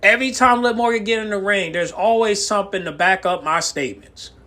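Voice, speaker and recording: A man with a very high voice delivers a fired-up reaction rant to his viewers. His tone is bright and sharp, and he lectures insistently, chanting the same short words again and again to drive his point home. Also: brisk. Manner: emphatic, repetitive, chanting words over and over. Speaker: YouTube reaction commentator. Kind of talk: ranting reaction commentary.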